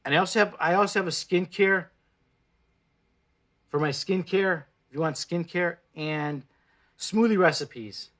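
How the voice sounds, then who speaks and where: Man, 40s, native Spanish speaker, casual livestream chat, blunt and profane, slightly high voice. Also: a little slow, long pauses, a bit bright. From Mexico. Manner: blunt, swears freely, pep-talk tone. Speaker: plant-based food vlogger. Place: indoors, live stream.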